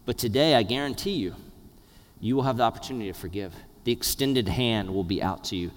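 Animated pastor preaching in a reverberant hall. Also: male voice, on the low side, a little fast. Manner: animated, swings from hushed to loud with playful laughs. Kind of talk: sermon.

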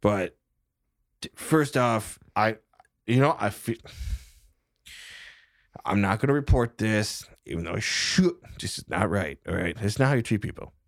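A man plays a frightened young medic with a cold in a tabletop game. The voice comes out stuffy and nasal over a low, gravelly base. He rambles and defends himself nonstop, recorded dry and close. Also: lively intonation, unhurried, pauses often, dry recording. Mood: nervous. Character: jittery young male medic with a head cold.

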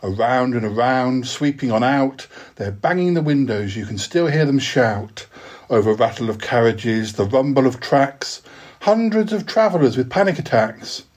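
A man's voice: mid-range voice, animated, moderate pace, darkish tone. A podcast host reading his own rhyming poems aloud in a rhythmic, sing-song way, with hesitant fillers when chatting.

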